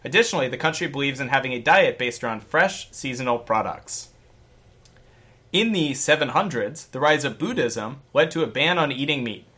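A man hosting a casual podcast, briskly reading a listener's note aloud in a playful way. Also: medium pitch, animated, pushed and bright, husky. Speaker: podcast host.

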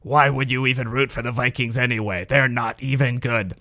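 A man voicing a surly, smug male football fan in a low, gravelly put-on voice. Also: fairly even intonation, a little fast, sharp tone, no room sound, clean studio sound. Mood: sour smug.

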